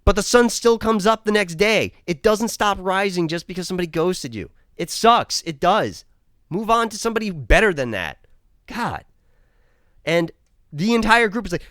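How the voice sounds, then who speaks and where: Man, profane exasperated reviewer, animated delivery. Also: high voice, moderate pace, no room sound, clean studio sound. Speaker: show reviewer. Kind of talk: casual review rant.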